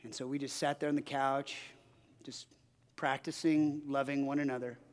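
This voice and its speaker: A man in his forties, a pastor preaching a sermon, telling a personal story in an animated way, often restarting his sentences. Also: medium pitch, moderate pace. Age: 40s. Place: church sanctuary. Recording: long hall reverb.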